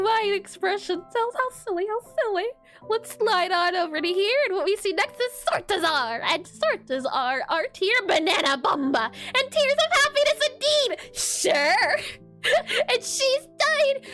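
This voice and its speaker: A woman's voice: extremely high pitch, sharp tone. A young woman streaming as she reviews viewer art, bubbly and giggly, repeating her praise. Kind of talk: casual livestream commentary.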